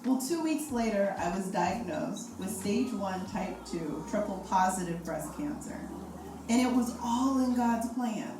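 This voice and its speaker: A woman in her forties sharing her personal testimony as a guest speaker, animated and laughing often. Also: medium pitch. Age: 40s. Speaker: guest speaker, breast cancer survivor. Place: event hall. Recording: echoey hall, far from the mic, noisy.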